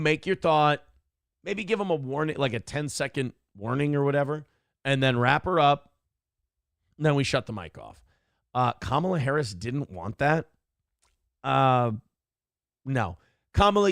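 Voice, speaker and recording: A man's voice: on the high side, creaky, a bit bright, no echo, clean studio sound. A man hosting a livestream morning commentary show, blunt and profane, rambling through opinions and reading chat comments aloud.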